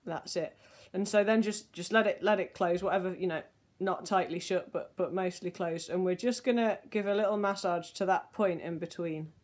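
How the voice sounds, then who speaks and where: Woman, voice teacher, soothing and unhurried, leading a warm-up lesson. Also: lowish voice. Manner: gentle, soothing, slow guiding instructions. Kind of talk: guided vocal warm-up lesson.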